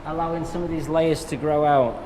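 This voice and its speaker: A man from England working as a hairdresser, talking a live audience through a haircut in a relaxed, jokey way. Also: on the high side, brisk, in a large hall, a little hiss or hum, rough recording. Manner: relaxed, jokey, talks while cutting. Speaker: hairdresser demonstrating a cut. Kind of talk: live haircut tutorial with banter.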